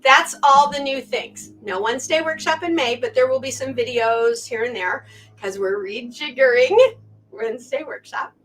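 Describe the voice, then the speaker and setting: A woman's voice: fairly high pitch, normal speed, a bit bright. A middle-aged woman hosting a quilting channel, talking to her viewers in a chatty, heartfelt, rambling way. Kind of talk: casual talk to camera. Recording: voice a bit far from the mic.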